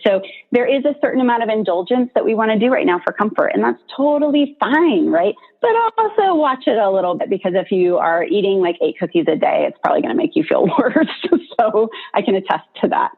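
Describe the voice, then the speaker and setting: A woman speaks at a middle pitch in an informal, encouraging talk on stress, chatty and peppered with "right?" and "um". Her voice comes through a thin, tinny, phone-like line. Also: very animated, brisk, husky. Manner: encouraging, chatty, many fillers and "right?" tags.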